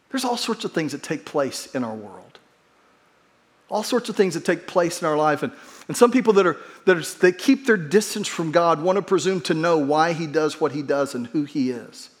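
High-voiced male pastor telling stories. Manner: humorous personal storytelling. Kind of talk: conversational sermon.

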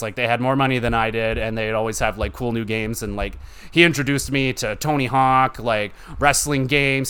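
Young guy rambling on his gaming podcast, swears a ton, smooth clear voice. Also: medium pitch, a bit bright. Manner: rambling, profane, heavy use of "like". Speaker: podcast host. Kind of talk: casual solo gaming podcast.

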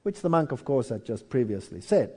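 A man's voice: mid-range voice, a little fast, slightly rough. A male preacher delivering a sermon in a storytelling way, acting out voices as he tells history. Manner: storytelling, animated, acts out voices.

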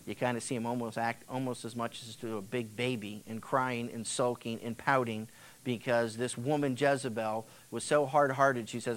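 A man's voice: medium pitch, fairly even intonation, moderate pace. A male pastor giving a casual, conversational sermon, retelling Bible stories and acting out the characters' words. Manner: acts out the characters' words in quotes.

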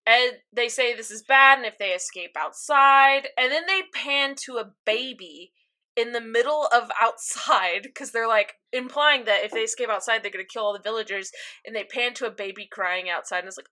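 A young woman on a casual podcast, chatty and giggly, throwing in quick asides and little acted-out quotes. Her voice sits a bit high and sounds very bright and forward. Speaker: podcast co-host recapping an anime episode. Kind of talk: casual chat.

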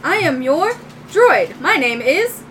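A woman voicing a small, cheerful killer turret droid in a tabletop game, with bright, formal robotic phrasing. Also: high-pitched, sing-song, takes it slowly, a little hiss or hum, voice pushed up, full character voice. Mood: perky.

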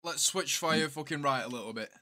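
A man's voice: a little high, fairly quick, sharp tone. A man hosting a casual podcast, crude and jokey, swearing often. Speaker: podcast host.

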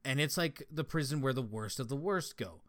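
A young man from Colorado, a former prison guard, is a guest on a podcast, telling stories in casual chat while swearing freely and laughing. His medium-pitched voice is animated and brisk with a fairly bright tone.

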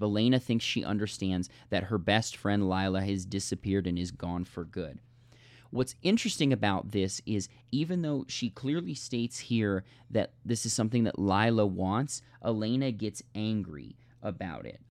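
Man, podcast co-host, thoughtful book discussion, analytical, low voice, dry close recording. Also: lively intonation, normal speed, darkish tone, no echo.

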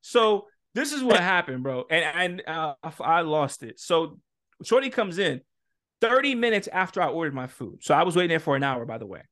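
A man's voice: on the high side, normal speed. A young man co-hosting a casual podcast, telling a story with lots of cursing and acted-out quotes. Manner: animated storytelling, heavy cursing, acts out quotes. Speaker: podcast co-host.

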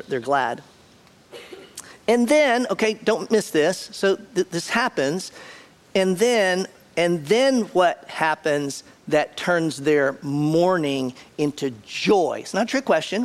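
Conversational preacher man, fairly high voice. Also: unhurried. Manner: conversational, repetitive, questions the congregation. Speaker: pastor. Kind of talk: sermon.

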